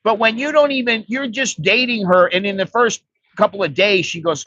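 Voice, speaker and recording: Blunt American man, slightly higher voice. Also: fairly quick, fairly bright tone, dry recording, highs cut off. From United States. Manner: blunt, profane, rambling. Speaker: vlogger. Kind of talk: casual livestream advice.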